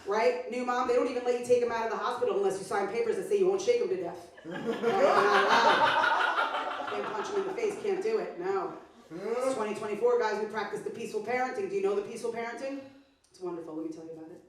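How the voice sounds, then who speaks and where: A woman's voice: mid-range voice, quick pace, slight background noise. Brash, profane woman doing stand-up. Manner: brash, profane, punchy delivery. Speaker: stand-up comedian. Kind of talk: stand-up comedy set. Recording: echoey club sound from far off.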